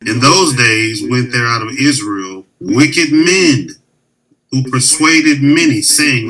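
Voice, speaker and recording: A man co-hosting a podcast who reads scripture aloud slowly and deliberately. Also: medium pitch, bright, forceful tone, low-quality recording. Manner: slow, deliberate reading. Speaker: podcast co-host.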